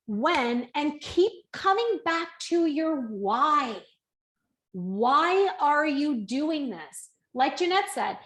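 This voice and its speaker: Chatty high-voiced woman coaching. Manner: chatty, animated, acts out little quoted voices. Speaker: fitness coach. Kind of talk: casual coaching talk to camera. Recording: echoey room.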